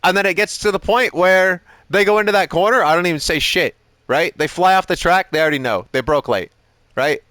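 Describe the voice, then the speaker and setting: A man's voice: high voice, brisk, bright, forceful tone, dry recording. A man coaching a sim racing driver on a live stream, giving short driving instructions and chatting casually, swearing often. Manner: casual, swears often, repeats "you know what I mean".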